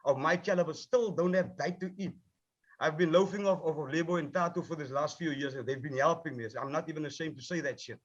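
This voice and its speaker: A man speaks heatedly about his craft, swearing freely and circling back over his points. His voice sits a bit high for a man. The sound is dull and muffled, as if it came over a video call. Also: brisk. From South Africa. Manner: passionate, profane, repeats himself. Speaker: rapper, film subject. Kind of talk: heated panel discussion.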